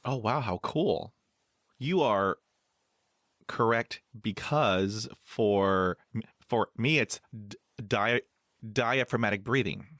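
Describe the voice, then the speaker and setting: Male host who stutters, low voice, dry close sound. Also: slow pace, pauses often, fairly bright tone, dry recording. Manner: stutters on some words, uses "you know" often. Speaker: podcast host. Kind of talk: casual interview talk.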